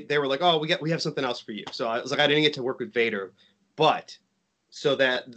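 Guest spot: Chicago man, rambling storyteller, mid-pitched everyday voice. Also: a bit bright. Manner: rambling, many likes and restarts. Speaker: podcast guest, wrestler. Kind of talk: casual storytelling chat.

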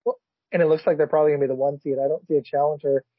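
A man hosting a casual football podcast, talking excitedly and reacting out loud with frequent laughs. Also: fairly high pitch, very fast, dry recording. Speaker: podcast host. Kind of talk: casual sports chat. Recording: dull lo-fi remote audio.

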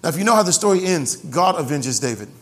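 A man preaching a sermon to his congregation in an animated way, joking and repeating phrases for emphasis. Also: a little high, fast talker. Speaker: pastor. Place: church sanctuary. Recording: long hall reverb.

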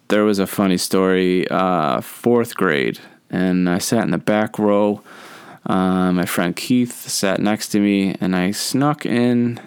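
A young man with a fairly low, clear, smooth voice tells childhood stories on a solo podcast. He talks in a loose, relaxed way, full of "uh"s and restarts. The sound is dry and close to the mic. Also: dry recording. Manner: relaxed, rambling, with many fillers and self-corrections. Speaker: podcast host. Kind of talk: casual solo storytelling.

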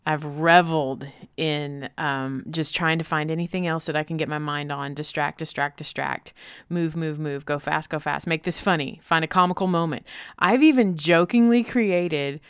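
A woman host with a low, smooth and resonant voice shares her thoughts in a relaxed conversation. She strings repeated words into quick lists. The sound is dry and close to the mic. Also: no echo. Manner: reflective, rapid repeated lists. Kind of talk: conversational podcast talk.

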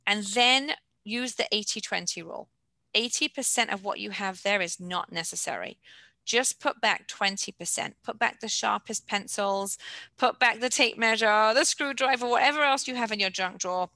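A middle-aged woman gives brisk, practical organizing advice on an online class. Her voice is bright and forward, and the sound is close and dry with no room around it. She clears her throat now and then. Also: mid-range voice, no echo, poor audio. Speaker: organizing coach giving a talk. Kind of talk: informal online lecture with questions.

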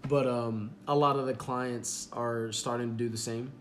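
A young man hosting a relaxed podcast, talking in a loose, rambling way full of fillers and easy laughter. His voice sits at an ordinary, middle pitch. A faint hum of room noise runs underneath. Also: moderate pace. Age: young adult. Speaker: podcast host. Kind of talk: casual chat.

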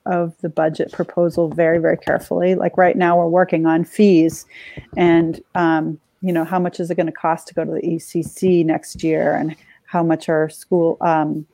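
A woman's voice: low-pitched, level tone, moderate pace, vocal fry, warm tone, no room sound. A woman on the school committee explaining a budget process in a casual discussion, with dry sarcastic asides.

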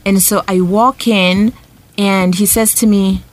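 A woman's voice: medium pitch, steady tone, slow. A woman from Uganda, co-hosting a podcast and telling a personal story in a casual group chat, often asking "right?". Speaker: podcast co-host.

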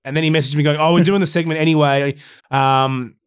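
Male co-host; chatty, animated storyteller who voices the people he quotes. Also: fairly high pitch, fast, smooth. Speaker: podcast co-host. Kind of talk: casual chat, storytelling.

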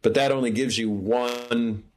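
A man's voice: mid-range voice, fairly even intonation, measured pace, a little hiss or hum. A man, a film director guest, telling long behind-the-scenes anecdotes in a casual interview, often restarting his sentences. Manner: rambling anecdotes with many restarts.

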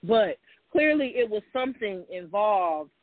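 A woman's voice: medium pitch, expressive, unhurried, no room sound. A woman co-hosting a casual talk show, speaking frankly and emphatically, repeating herself for stress. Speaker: podcast co-host. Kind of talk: candid casual chat. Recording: tinny phone-like dry sound.

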